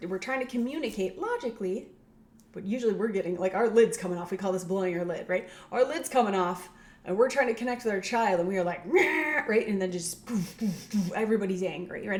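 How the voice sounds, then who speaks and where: Casual middle-aged woman chiropractor, chatty explainer with tag questions, medium pitch. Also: darkish tone. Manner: conversational, tag questions, acts out quoted voices. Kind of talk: casual educational talk.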